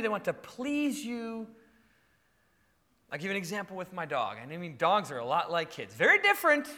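Animated high-voiced male preacher. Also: long reverb tail. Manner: animated, playful storytelling. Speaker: pastor. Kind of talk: sermon.

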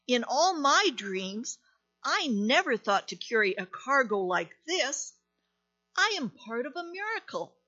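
A woman's voice: sits high, very animated, a little slow, pushed and bright, highs cut off, faint music behind, exaggerated voice. A woman voicing a little boat whispering in awe. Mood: awed joy. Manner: awed, breathy whisper. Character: little wooden boat, once a tree, overjoyed.

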